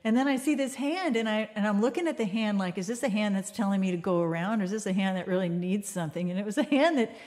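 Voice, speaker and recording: A woman's voice: medium pitch, fast talker, few pauses, a little mellow. A woman hosting a music livestream, telling a story in casual chat and acting out the voices with laughs.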